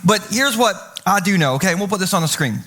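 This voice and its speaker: Bright high-voiced joking pastor, a man. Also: quick pace. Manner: animated, joking, acts out quoted voices. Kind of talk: humorous sermon storytelling. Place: church stage.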